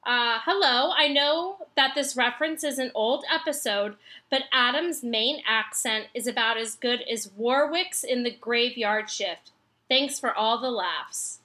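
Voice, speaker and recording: A woman's voice: on the high side, unhurried, pushed and bright. A woman on a comedy podcast, reading listener emails aloud carefully and giggling now and then.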